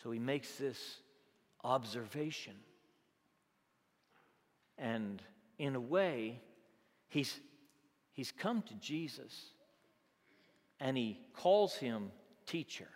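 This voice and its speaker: A man preaching, his voice carrying through a large hall with a long reverb tail. He swings from loud, exclamatory peaks down to quiet, conversational asides. His pitch sits in an ordinary middle range. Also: animated, extremely slow, long pauses. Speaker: pastor. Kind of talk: sermon.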